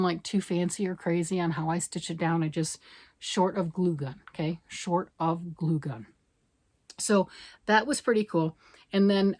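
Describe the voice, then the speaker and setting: A grandmother talks through her knitting in a relaxed, rambling way. Her voice sits a little low, and she often teases herself. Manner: chatty, rambling, self-deprecating. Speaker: knitting vlogger. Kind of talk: casual knitting chat.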